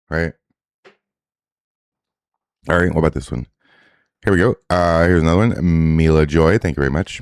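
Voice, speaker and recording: A man with a very low voice gives casual reaction commentary on viral clips. He is blunt, profane and sarcastic, and the recording is dry and close. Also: dry recording.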